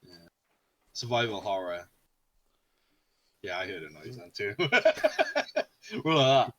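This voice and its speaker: A man in his thirties co-hosting a casual podcast chat, animated and laughing as he tells stories, swearing freely. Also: mid-range voice, slow pace, a crowd in the background. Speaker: podcast co-host.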